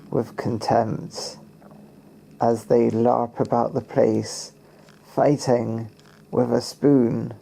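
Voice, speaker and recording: Slow, gravelly man theorizing playfully. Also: mid-range voice, warm tone. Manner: playful, theorizing, acts out characters in quotes. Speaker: fan commentator. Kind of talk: casual commentary on a TV episode.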